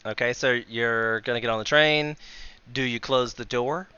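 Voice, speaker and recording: Bright, crisp-voiced man running a tabletop game. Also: mid-range voice, moderate pace, highs cut off. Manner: laughs often, restarts, self-mocking. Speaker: game master.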